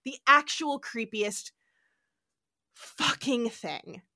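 A woman co-hosting a podcast, recapping an episode in a casual, animated way and swearing freely. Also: on the high side, drawn-out words, no room sound, studio quality. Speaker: podcast co-host.

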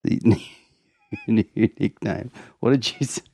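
A man's voice: on the low side, slow pace, gravelly, warm tone, no echo. A man co-hosting a podcast in casual chat, easygoing and dry, laughing along. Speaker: podcast co-host. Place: home room, remote call.

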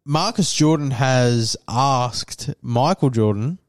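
A man's voice: medium pitch, takes it slowly. A man co-hosting a casual podcast, telling rambling stories and swearing a lot. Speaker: podcast co-host. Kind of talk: casual crude chat.

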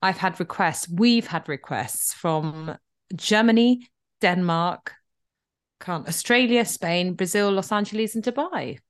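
A woman's voice: fairly low pitch, unhurried. A woman co-hosting a podcast, chatting casually and playfully, dramatizing her own gloom with self-mocking humor. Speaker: podcast co-host. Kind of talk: casual chat.

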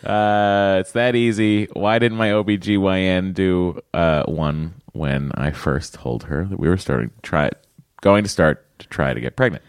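A man's voice: low voice, unhurried, smooth, no room sound, studio quality. A man co-hosting a casual podcast, joking around and reading listener emails aloud. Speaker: podcast co-host.

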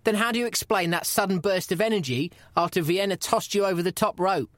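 A man's voice: high voice, a little fast, no room sound, lightly acted. An actor playing an earnest, pushy male podcast interviewer who nags and pleads in a comedy audio drama. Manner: pleading and nagging, rising to frantic shouts. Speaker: podcast host character.

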